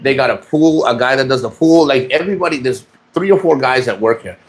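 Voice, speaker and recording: A man's voice: medium pitch, animated, a little fast. A man vlogging from a rented room, joking crudely and rambling with lots of restarts. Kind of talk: casual chat to camera.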